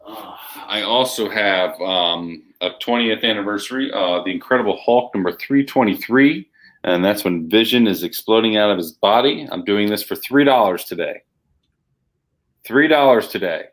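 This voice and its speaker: A man co-hosting a live shopping show, pitching comic books with hyped, emphatic salesman patter. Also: normal speed, fairly bright tone. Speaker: co-host selling comics.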